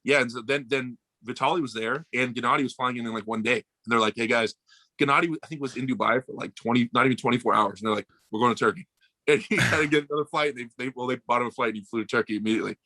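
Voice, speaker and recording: A young American man telling stories in a casual podcast chat, animated and swearing, acting out the people he quotes. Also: medium pitch, racing, no room sound. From United States. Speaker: podcast guest.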